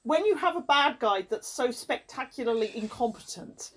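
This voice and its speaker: A woman's voice: on the high side, animated, normal speed, slight background noise. A woman co-hosting a casual film review chat, reacting with emphatic enthusiasm. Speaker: podcast co-host.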